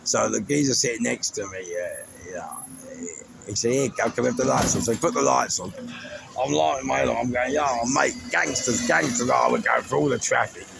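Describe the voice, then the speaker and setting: Recounting his life over noisy traffic, this London-accented man rambles through casual stories and chuckles at his own jokes. His voice is mid-range and creaky, and he speaks a little fast.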